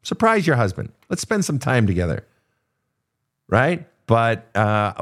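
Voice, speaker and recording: Blunt, animated low-voiced male host. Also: brisk. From Minnesota. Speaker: podcast host answering listener questions. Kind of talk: casual advice talk.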